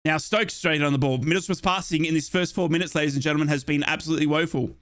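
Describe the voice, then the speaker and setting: Calling a football match live as a fan commentator, a young man from Australia delivers excitable, chatty play-by-play sprinkled with playful asides. His voice is a little high, and he talks fast.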